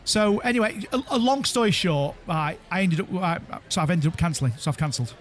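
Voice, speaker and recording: A man's voice: high-pitched, lively intonation, brisk, slight background noise. A man telling a long story in a casual chat among friends, often repeating words and restarting. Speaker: podcast co-host.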